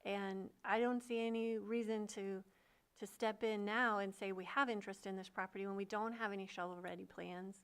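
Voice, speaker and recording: A woman speaking as a county supervisor at a public board meeting, measured and pausing with fillers. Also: mid-range voice, fairly even intonation, clean tone.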